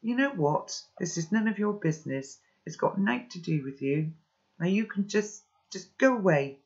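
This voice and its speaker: A sullen boy of about twelve, gruff and quick to flare up, as a man reading a storybook puts him on. The voice sits a little high, the tone is sulky, and the recording is dull and lo-fi. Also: big pitch swings, heavily acted. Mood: angry.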